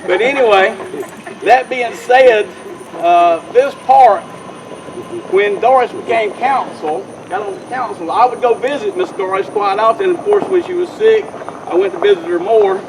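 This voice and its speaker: High-voiced man rambling at a park dedication. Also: lively intonation, a little slow, noisy background. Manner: rambling, folksy, repeats himself and restarts. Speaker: mayor giving a dedication speech. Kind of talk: informal public speech. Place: outdoors at a park ceremony.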